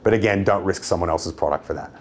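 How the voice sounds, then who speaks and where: A man's voice: sits low, fast. A young man teaching sales techniques, confident and cheeky, stressing a firm downward inflection. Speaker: sales trainer. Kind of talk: instructional talk to camera.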